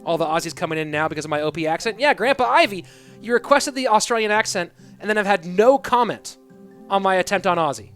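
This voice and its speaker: A man's voice: sits high, expressive, fast, a bit bright, smooth. A young man casting a live esports stream, calling plays and joking casually with chat. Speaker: esports caster. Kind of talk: live stream game commentary. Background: music.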